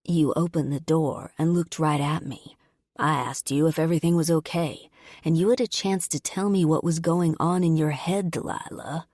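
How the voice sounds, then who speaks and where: A woman reading an audiobook voices a blunt young male biker who talks slowly, in a thick, low voice. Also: a little mellow, dry recording, clean studio sound. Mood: serious.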